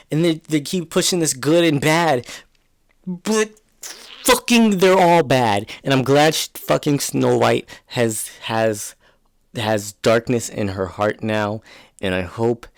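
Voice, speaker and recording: Profane, rambling man hosting a podcast. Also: mid-range voice. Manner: trails off and restarts mid-sentence. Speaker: podcast host. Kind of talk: solo podcast rant.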